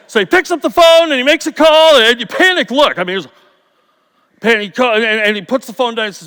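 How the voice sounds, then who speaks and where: A middle-aged man giving a conference talk, telling stories with jokes in an animated, playful way. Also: very high voice, brisk, clear, resonant tone. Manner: storytelling, jokey, animated. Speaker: conference speaker. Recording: reverberant hall.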